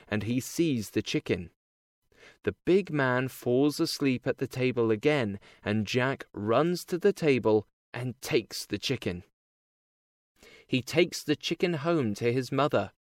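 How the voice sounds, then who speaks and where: Male narrator for easy-reader storybook, slow deliberate delivery, middle pitch, dry recording. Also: dry recording. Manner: slow, plain, careful reading. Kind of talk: simple storybook narration for learners.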